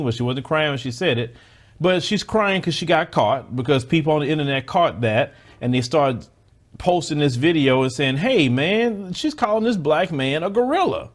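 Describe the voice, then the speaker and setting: A man hosting a commentary channel, reacting to a news clip in a blunt, mocking way. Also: fairly high pitch.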